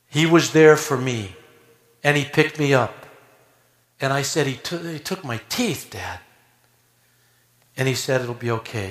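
An older man preaching a sermon, telling stories with rising energy and leading a prayer. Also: on the high side. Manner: animated storytelling that rises to near shouting. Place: church sanctuary. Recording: echoey church room.

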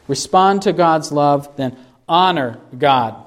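A pastor with a mid-range voice delivers an expository sermon, reading scripture slowly for emphasis. He also poses rhetorical questions to the congregation.

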